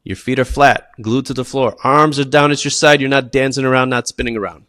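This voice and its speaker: A man who teaches PE, presenting classroom tips in an animated, emphatic way and often checking in with "okay?". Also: mid-range voice, fairly quick, smooth, no echo, clean studio sound. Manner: animated, acts out students and teachers.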